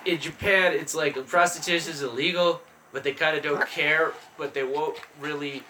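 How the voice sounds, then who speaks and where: A young man, a guest comedian, telling animated, laughing anecdotes in a casual podcast chat, holding the mic close to his mouth. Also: a little high, normal speed, noisy background. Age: young adult. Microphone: handheld mic held close to mouth.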